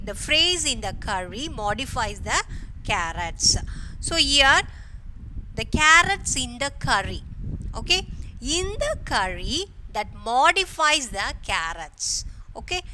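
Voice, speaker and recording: A woman's voice: fairly high pitch, pushed and bright, slight background noise, poor audio. A woman teacher giving a grammar lesson to schoolchildren, repeating each phrase and checking in with a frequent "okay".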